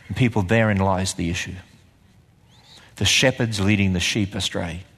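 A man preaching a sermon in a church, firing rhetorical questions and swinging between loud, emphatic lines and hushed ones. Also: deep voice, fairly even intonation, normal speed, breathy edge. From Australia. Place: church sanctuary. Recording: large hall with long reverb.

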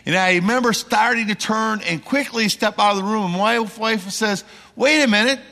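A middle-aged man preaches in a church sanctuary with a high, bright, ringing voice. He tells stories with lively energy and mimics the people in them. The sound carries a long hall reverb. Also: normal speed. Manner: animated storyteller acting out quoted people. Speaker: missionary preacher. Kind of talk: sermon with storytelling.

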